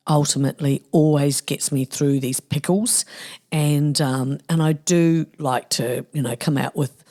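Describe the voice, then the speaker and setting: A middle-aged New Zealand woman hosts a solo podcast, chatting in a playful, tongue-in-cheek manner. Her deep voice is warm, measured, and fairly even in intonation as she delivers a casual monologue.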